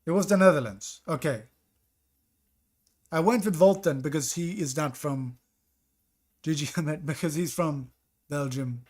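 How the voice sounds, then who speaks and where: In an unhurried live stream full of pauses, a fairly high-voiced man plays a geography guessing game. He works through his thinking out loud and keeps second-guessing himself. Between rounds he talks casually with his chat.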